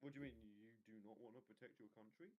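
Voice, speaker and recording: A man bantering on a stream voice call, quick to contradict and correct others. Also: fairly low pitch. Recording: noisy voice-call mic with clicks.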